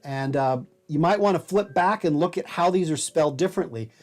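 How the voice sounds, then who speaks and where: A man's voice: fairly high pitch, fairly quick, darkish tone, soft background music. A man giving a casual, explanatory college lecture, with a self-deprecating manner.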